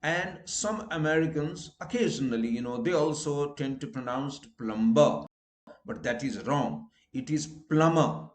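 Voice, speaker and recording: A man from India with an Indian English accent, teaching a recorded pronunciation lesson and drawing out each example word slowly and deliberately. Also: medium pitch, echoey room.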